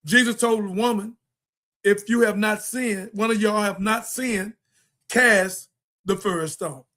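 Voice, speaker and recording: Man, high voice, preachy, emphatic, rambling, talk show host. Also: measured pace, pushed and bright. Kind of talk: impassioned political monologue.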